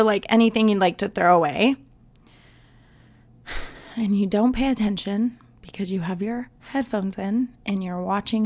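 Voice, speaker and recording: Chatty woman with a higher voice. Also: fairly bright tone. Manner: chatty, laughing, acts out passengers. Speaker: podcast host, flight attendant. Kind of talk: casual storytelling monologue.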